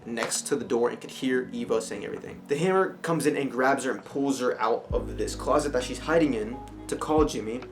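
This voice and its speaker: A man's voice: mid-range voice, fairly quick, few pauses. A man giving a casual, rambling movie review with many fillers and restarts. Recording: music playing clearly behind.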